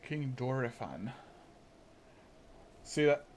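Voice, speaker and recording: A man talking through a modded game on a live stream, loose and rambling, with plenty of "like" and restarts. His voice sits at an ordinary middle pitch, and a faint hiss lies underneath. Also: lively intonation, takes it slowly, a little mellow. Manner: rambling, chatty, many fillers and restarts. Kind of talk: casual live gameplay commentary.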